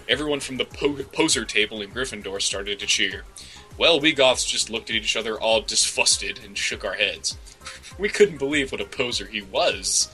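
A man co-hosting a comedy podcast, reading a story aloud in a deadpan way. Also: lowish voice, moderate pace, low-quality recording. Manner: deadpan, breaks into laughter. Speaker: podcast co-host. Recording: faint music bed behind.

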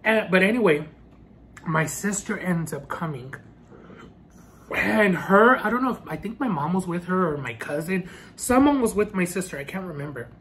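A man vlogging a personal storytime as he eats, earnest and halting, with many restarts. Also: high voice, lively intonation, a bit bright, slight background noise. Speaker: food vlogger. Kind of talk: storytime while eating.

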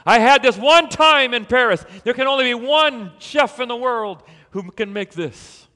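A man's voice: very high voice, expressive, normal speed, bright, forceful tone, voice pushed up, heavily acted. A man playing a proud old male general who marvels at a meal he remembers, in a long echo from a large hall. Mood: marveling.

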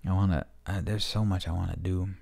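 A man's voice: sits low, steady tone, fairly quick, creaky, dark tone, no echo. A man hosting a podcast from home, chatting loosely and swearing freely in a heartfelt, rambling way. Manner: loose, profane, heartfelt talk. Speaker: podcast host. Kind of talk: casual rambling chat.

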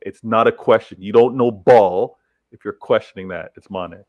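A man's voice: fairly low pitch, moderate pace, no echo, dull audio. Man with an accent, emphatic football panelist, casual debate, dry close sound. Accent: non-English accent. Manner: emphatic, repeats phrases when arguing.

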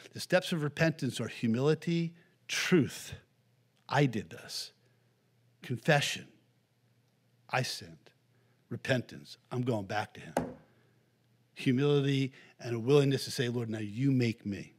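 A man preaching a sermon as pastor, animated, dropping to hushed asides and rising to loud outbursts as he acts out the story. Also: mid-range voice, husky. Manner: animated preaching, voicing the angry older brother in bursts; swings between hushed asides and loud exclamations.

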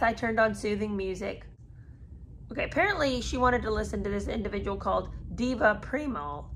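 A woman with a slightly high, slightly rough voice and a fairly bright tone reads a memoir aloud at a moderate pace, sounding animated. She's a podcast host and mother of three, and she keeps breaking away from the text to toss in sarcastic, incredulous remarks.

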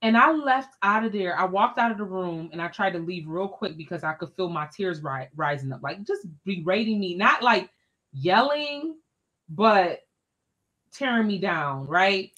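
A woman, an education scholar, telling a personal story as a podcast guest in an animated, expressive, colloquial way. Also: medium pitch, a little slow, highs cut off.

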